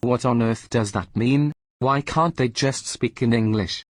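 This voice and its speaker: A man's voice: medium pitch, a little slow, dry recording. Indignant New man, dry close voice. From New Zealand. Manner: indignant, mocking. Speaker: political commentator. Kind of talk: scripted opinion monologue.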